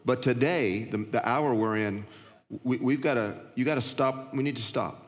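A man's voice: mid-range voice, normal speed. A man, preaching a sermon in a folksy, conversational way with frequent restarts. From United States. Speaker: pastor. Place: church sanctuary. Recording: long reverb of a large hall.

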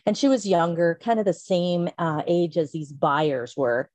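Middle-aged woman founder, lively anecdotal storyteller, lowish voice, dry booth sound. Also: measured pace, no room sound. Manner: animated storyteller, acts out quotes with big pitch jumps. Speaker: company founder, guest. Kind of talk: casual storytelling interview.

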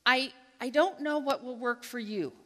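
A woman with a bright, forceful voice pitched a little high tells a personal story at a church gathering, acting out her own thoughts. It is recorded with a long reverb, as if in a large hall. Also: moderate pace. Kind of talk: storytelling devotional talk.

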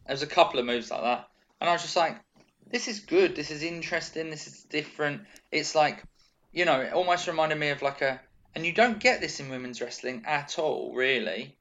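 A man co-hosting a casual wrestling podcast, chatty and rambling with quick asides. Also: on the high side, lively intonation, fairly bright tone. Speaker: podcast co-host. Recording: dull lo-fi sound.

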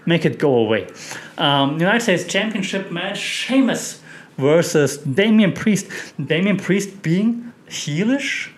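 A man's voice: sits high, sing-song, takes it slowly. A man hosting a casual wrestling recap, chatty and opinionated, with many fillers and restarts. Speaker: wrestling podcast host.

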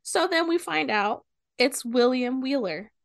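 A young woman co-hosting a podcast, retelling a book's plot in lively casual talk and swearing often. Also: sits high, measured pace, vocal fry, no room sound, clean studio sound. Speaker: podcast co-host. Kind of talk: casual book discussion.

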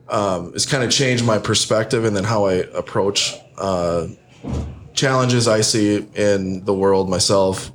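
A man, a podcast guest, talking in a halting way and searching for words with many fillers. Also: on the low side, a little hiss or hum. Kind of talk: casual podcast chat.

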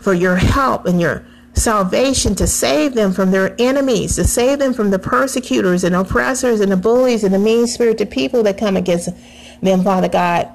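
A woman's voice: mid-range voice, normal speed, gravelly, a little hiss or hum, rough recording. A woman praying aloud, fervent and pleading, returning again and again to the same address to God. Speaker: prayer leader. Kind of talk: spoken prayer.

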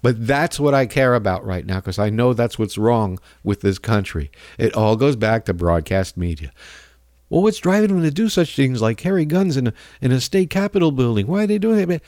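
A male radio host delivering a loose, sardonic monologue, often chuckling to himself. His pitch swings lively up and down. The sound is dry and close. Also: normal speed, dry recording. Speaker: radio talk show host.

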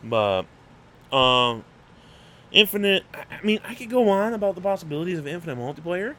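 A man's voice: high voice, expressive, normal speed, pushed and bright, a little hiss or hum. A young man hosting an unscripted solo podcast, rambling and getting hyped, swearing freely and stumbling over restarts. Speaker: podcast host.

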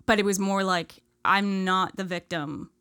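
Woman host, smooth clear voice, curious and reflective, dry close mic. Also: medium pitch, steady tone, measured pace, fairly bright tone, no room sound. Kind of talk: casual interview conversation.

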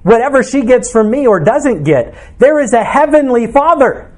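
A man's voice: extremely high pitch, big pitch swings, normal speed, a little mellow. A man, a pastor, preaching a sermon in an earnest, reflective way, asking his listeners questions.

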